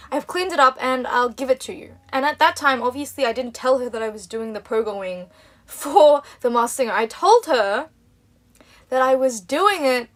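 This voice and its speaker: A young woman hosting a livestream, telling a story casually to fans. She rambles, giggles often and acts out other people's lines. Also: high voice. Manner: animated and giggly, rambling with restarts. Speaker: livestream host.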